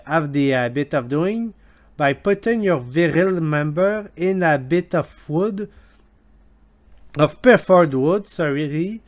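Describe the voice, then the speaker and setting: A man voicing a cheeky male intern in a deliberately bad fake Scottish accent, reading text aloud and translating it as he goes. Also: on the high side. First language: French. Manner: loud, chirpy, reads text aloud while translating.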